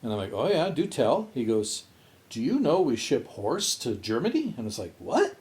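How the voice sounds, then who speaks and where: A man from Canada tells a long anecdote on a casual podcast, his pitch leaping around as he acts out the other people in it. He talks loosely, with ordinary swearing, and his voice sits in the middle of the male range. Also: normal speed. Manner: animated storyteller, voices his friends in quotes, swears casually. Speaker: podcast co-host. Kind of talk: casual storytelling chat.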